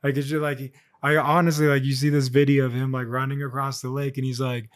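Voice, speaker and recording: A man's voice: medium pitch, little pitch movement, fairly quick. Rambling young man on a solo vlog. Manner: rambling, many fillers and restarts. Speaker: vlogger. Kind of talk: casual solo monologue.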